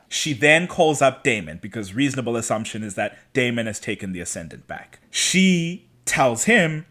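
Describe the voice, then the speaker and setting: Lively podcast co-host man. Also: mid-range voice, moderate pace, hardly any pauses. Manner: animated, laughing, acts out quotes in voices. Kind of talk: casual chat recapping a TV show.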